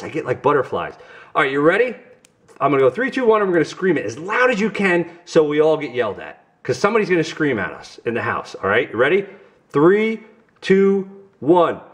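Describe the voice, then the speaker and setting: A middle-aged man with a New York accent hosts a casual vlog, talking straight to his viewers in a goofy, chatty way. His pitch jumps around a lot, rising and falling as he jokes along. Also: sing-song, fast. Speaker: family vlog host. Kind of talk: casual card-opening vlog.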